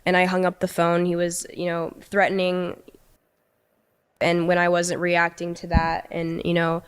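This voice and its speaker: A young woman recounting a personal story in a casual, halting way, often restarting her sentences. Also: lowish voice, completely flat delivery, clear, resonant tone. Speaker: storyteller recounting a past relationship.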